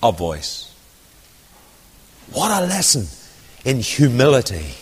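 A man with a lilt preaching a storytelling sermon, dropping to quiet asides and rising to loud, ringing declamation. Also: medium pitch, huge pitch swings, takes it slowly, husky. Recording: long hall reverb.

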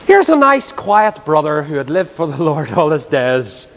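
A high-voiced, lively man preaching to a congregation, his voice leaping from ringing exclamations down to near-hushed asides. His words trail off into the long reverb of a large hall. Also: moderate pace, slight background noise. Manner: animated, swinging from loud exclamations to hushed tones. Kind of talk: storytelling sermon.

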